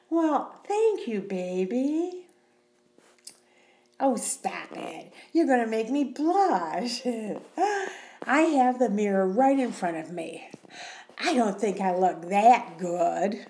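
A sentimental middle-aged widowed mother in an audio role-play, acted by a woman, who sighs and teases between lines. Her voice is mellow and dark in tone. She talks slowly and unhurriedly. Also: mid-range voice, echoey room. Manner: sighing, sentimental, teasing.

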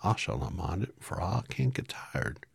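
A man doing the husky, friendly Scarecrow. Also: low-pitched, sing-song, normal speed, no echo, studio quality, pitched above the performer's own voice, full character voice. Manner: cheerful, polite, naive. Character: friendly talking male scarecrow, simple and polite.

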